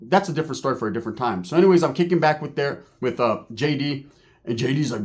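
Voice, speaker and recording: A man telling a story in a casual, animated and profane streetwise way. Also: mid-range voice, fast talker.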